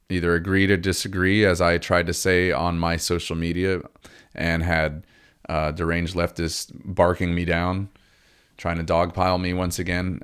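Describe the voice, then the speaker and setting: A man's voice: deep voice, clear, resonant tone. A man giving a rambling, emphatic political commentary monologue, swearing and restarting often.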